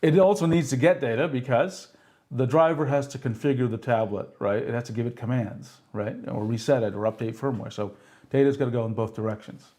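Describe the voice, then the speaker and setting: A man's voice: mid-range voice, a little fast, dark tone. A man hosting a live tech stream, explaining hardware step by step and checking in with the audience. He laughs at himself when a demo fails. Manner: explanatory, keeps checking in with "okay?" and "right?"; self-deprecating when a demo goes wrong. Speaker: tech streamer demonstrating pen displays.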